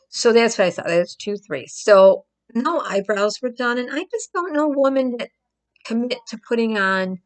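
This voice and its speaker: Woman giving emphatic casual commentary. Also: medium pitch. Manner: emphatic, repeats herself, acts out crying. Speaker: vlogger commenting on a trial.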